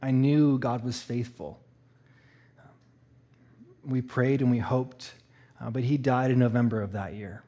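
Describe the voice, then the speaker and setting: A man from Eastern Canada telling a personal story in a sermon, animated and laughing, acting out the voices. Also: mid-range voice, unhurried, pauses often. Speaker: church speaker.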